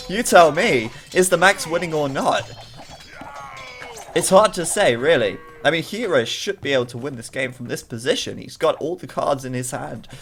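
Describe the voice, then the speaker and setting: A man calls a strategy video game live in a voice that sits a bit high. He is chatty and excitable and drifts into jokey asides while the fight builds. Soft game music plays underneath. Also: normal speed. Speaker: game commentator.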